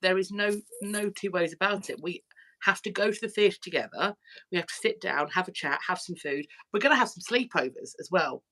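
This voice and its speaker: A woman's voice: lowish voice, a little fast, pushed and bright. A woman hosting a casual livestream through her phone, talking in rambling, self-correcting runs. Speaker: YouTube channel host.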